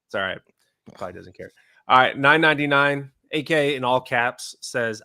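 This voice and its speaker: Bright-voiced man steering a podcast chat. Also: medium pitch, lively intonation, normal speed, gravelly, clear, resonant tone, no room sound, studio quality. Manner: easygoing moderator who keeps the show moving. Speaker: podcast host reading listener questions. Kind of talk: casual chat.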